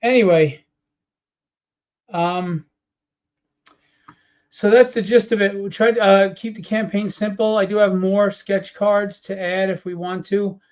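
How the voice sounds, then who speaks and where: A man's voice: high voice, steady tone, unhurried, pauses often, a little mellow, lo-fi sound. A tired man presenting his comic book campaign live, rambling with many fillers and openly annoyed at what has gone wrong. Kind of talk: casual live-stream walkthrough.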